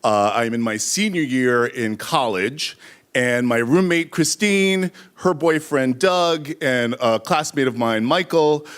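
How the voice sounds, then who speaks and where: A middle-aged man telling a live story on stage, animated, acting out shouted quotes. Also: medium pitch, slow pace, clean tone.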